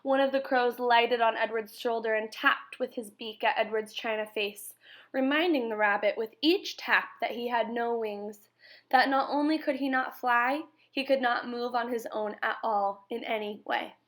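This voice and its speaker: A woman reads a children's novel aloud in a measured, expressive way. Her voice sits a little high for a woman. She reads calmly and clearly. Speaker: reader. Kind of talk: storybook read-aloud.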